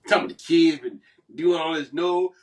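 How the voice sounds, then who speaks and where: Man, podcast co-host, mock-indignant, preachy, fairly high pitch. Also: normal speed, distant mic. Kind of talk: casual banter with spouse.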